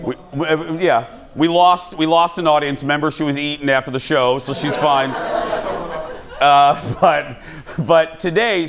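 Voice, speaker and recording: A man hosting a comedic talk show in a TV studio, telling self-deprecating stories and jokes to a live audience. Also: on the high side. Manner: jokey, animated, self-deprecating storyteller. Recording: studio audience and background noise.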